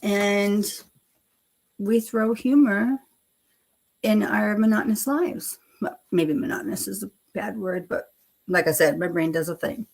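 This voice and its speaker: A middle-aged woman chatting on a live stream, rambling and self-deprecating. She laughs often and swears casually. Her voice has a gravelly fry, and she talks at an unhurried pace. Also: mid-range voice, a little mellow.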